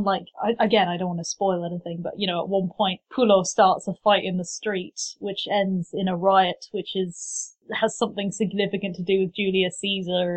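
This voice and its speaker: A woman hosting a casual book podcast, talking in a chatty, enthusiastic way. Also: medium pitch. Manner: chatty, enthusiastic, lots of restarts. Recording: slightly dull lo-fi recording.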